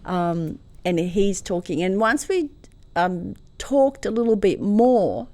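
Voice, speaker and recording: A woman's voice: medium pitch, slow, no room sound. A woman tells a family story as a podcast guest. She was born in Croatia and grew up speaking Croatian. She tells it with feeling, often breaking into laughter. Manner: emotional, lively storyteller who laughs often. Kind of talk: casual storytelling interview.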